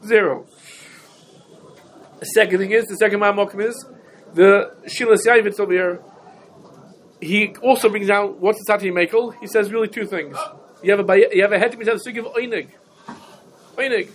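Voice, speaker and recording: High-voiced man teaching a shiur. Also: fairly even intonation, moderate pace, long pauses, a little hiss or hum, poor audio. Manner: rhetorical questions, emphatic repetition, Yiddish-Hebrew terms. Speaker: Torah teacher. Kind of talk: Talmudic shiur lecture.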